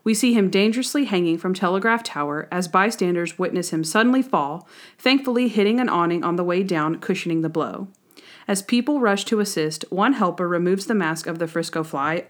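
A woman's voice: fairly low pitch, brisk. A woman co-hosting a podcast, first narrating an episode summary, then chatting about it animatedly with frequent laughs. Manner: animated, laughs often, acts out quotes. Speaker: podcast co-host. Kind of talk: casual chat recapping a TV episode.

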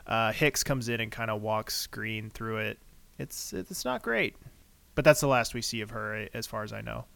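A man's voice: on the low side, expressive, normal speed, gravelly, sharp tone, no room sound. A man co-hosting a casual podcast, recapping a scene in a dry, understated way. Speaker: podcast co-host. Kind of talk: casual chat.

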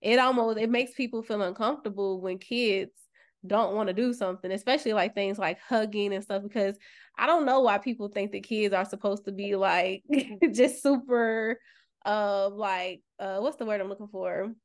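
A woman reflects aloud on a casual podcast, her speech thoughtful and unhurried. She often stops to search for the right word and laughs lightly. Her voice sits at a typical middle pitch. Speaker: podcast co-host.

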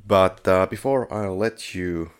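A man's voice: low-pitched, slow pace, smooth. A man co-hosting a podcast, reviewing short films in casual chat with dry sarcasm and frequent chuckles. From Finland. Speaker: podcast co-host.

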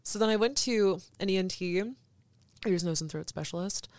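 A woman in her twenties, a podcast guest, telling a story in a casual, animated way with many fillers. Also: mid-range voice, normal speed, no echo, clean studio sound. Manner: animated, laughing often, lots of "like".

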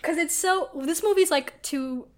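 A high-voiced woman in easy podcast chat, talking with lively emphasis and laughing often. She draws words out for effect and sounds relaxed among friends. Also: unhurried, a little hiss or hum. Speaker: podcast co-host. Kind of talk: casual chat.

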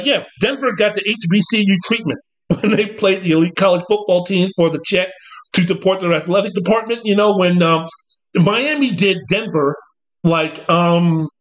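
A man hosting a casual sports talk show, rambling and animated, slipping now and then into mocking impressions of coaches. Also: high-pitched. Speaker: podcast host.

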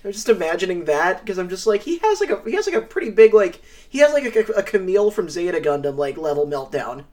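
A man's voice: high-pitched, very animated, fast, few pauses, a little mellow. A man co-hosting a podcast, rambling animatedly with lots of fillers. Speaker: podcast co-host. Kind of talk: casual chat. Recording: voice a bit distant from the mic.

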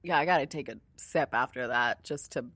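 A woman's voice: a bass voice, fairly quick, a bit bright, slightly rough, dry recording. A woman co-hosting a casual food podcast, playful and laughing often, reading product text aloud. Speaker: podcast co-host. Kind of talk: casual chat.

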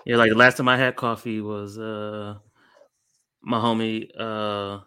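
A man in a relaxed conversation, with a bright, forceful sound. He tells anecdotes with energy and jumps his voice up when quoting friends. He laughs easily between lines. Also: lowish voice, measured pace, clear, resonant tone. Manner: animated storyteller, mimics people with a raised voice, laughs often. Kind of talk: casual chat.

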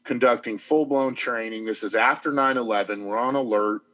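A man's voice: medium pitch, steady tone, normal speed, a bit bright. A man, an army veteran, casually telling a long anecdote with many fillers and restarts. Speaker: podcast host, army veteran. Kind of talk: casual storytelling chat.

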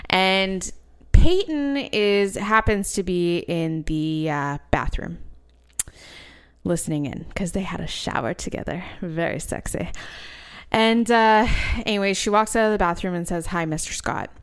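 A woman's voice: mid-range voice, measured pace, smooth. A woman co-hosting a podcast in casual chat, recapping scenes and laughing easily. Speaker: podcast co-host.

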